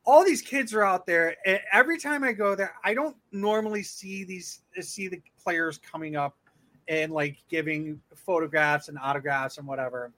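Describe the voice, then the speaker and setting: A young man with a high, pushed, bright voice talks at normal speed as a podcast host. He tells rambling stories in casual chat, full of swearing and filler words.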